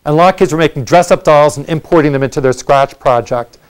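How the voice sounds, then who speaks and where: Man answering audience questions, higher voice. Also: fast talker, clear, resonant tone. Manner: explanatory, conversational, frequent fillers and restarts. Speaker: lecturer. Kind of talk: Q&A after a university lecture.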